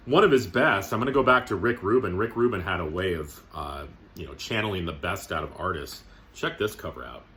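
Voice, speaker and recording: Chatty man with a bright voice. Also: low-pitched, a little hiss or hum. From Canada. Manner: chatty, joking, fond of strong language. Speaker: record collector vlogger. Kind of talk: casual talk to camera.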